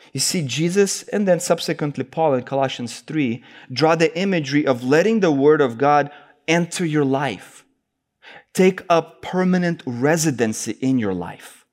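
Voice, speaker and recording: A man preaching an expository sermon, citing scripture references in an earnest, emphatic cadence. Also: a little high.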